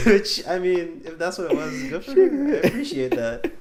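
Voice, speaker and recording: A man's voice: high voice, huge pitch swings, normal speed, a crowd in the background. A young man co-hosting a podcast, bantering playfully in a casual chat. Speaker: podcast co-host.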